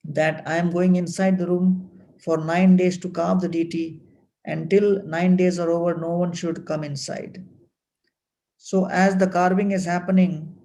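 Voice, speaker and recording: A man giving a measured devotional lecture at a temple festival, reciting Sanskrit verses and telling sacred stories. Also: on the high side, vocal fry, warm tone.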